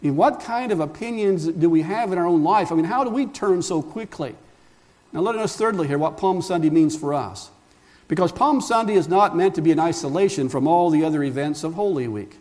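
A man with a notably high voice delivers a sermon as a pastor. He preaches with emphasis, throws rhetorical questions at his listeners and calls them friends. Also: lively intonation, brisk, darkish tone.

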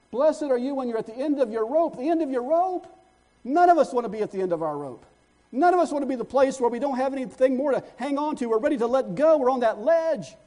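A man's voice: very high-pitched, darkish tone. A man preaching a sermon as pastor. He repeats words as he searches for phrases, and his voice builds in force as his stories peak.

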